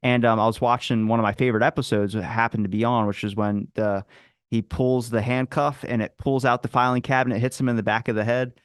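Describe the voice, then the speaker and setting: Man, podcast guest, casual rambling storyteller, middle pitch, dry close sound. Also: steady tone, fast talker, clear, resonant tone, no echo. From Philadelphia area. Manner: rambling anecdotes, acts out quoted people.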